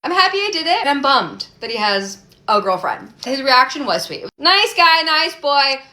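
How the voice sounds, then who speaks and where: A young woman telling a casual story to camera, animated and full of "like" fillers. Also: sits high, moderate pace. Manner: animated, acts out dialogue, many "like" fillers. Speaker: storyteller in a social media clip. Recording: echoey room.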